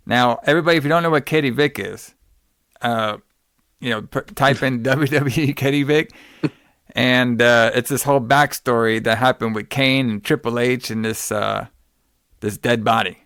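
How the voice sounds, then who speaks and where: Brief: male podcast host, mid pitch, rambling and profane, dry close mic. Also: moderate pace, a bit bright, clear, resonant tone, no echo. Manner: rambling, profane, wrestling-fan slang. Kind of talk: casual film recap.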